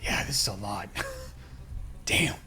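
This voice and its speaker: A man's voice: medium pitch, expressive, normal speed, vocal fry, faint music behind. A man casually talks through a game as he plays, reading its text aloud with wry remarks. His voice sits mid-range and moves around a lot. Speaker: streamer playing a game. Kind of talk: casual gameplay commentary.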